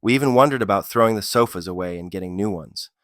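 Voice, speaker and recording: A man's voice: fairly low pitch, fast, a bit bright, dry recording. A man narrating funny stories in a scripted style, with a dry comic delivery that lifts on the punchlines. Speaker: storyteller.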